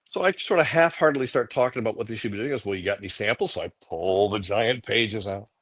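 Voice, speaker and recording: A man's voice: lowish voice, fast. A middle-aged man, a guest comic artist, telling casual stories on a livecast and acting out quoted voices. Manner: animated anecdotes, acting out quotes.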